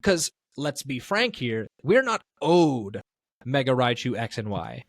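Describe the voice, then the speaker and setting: A man talks through his opinions on a casual podcast, rambling and self-correcting as he goes. His voice sits at an ordinary pitch and is recorded close and dry. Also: very animated, a little slow, no echo. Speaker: podcast co-host.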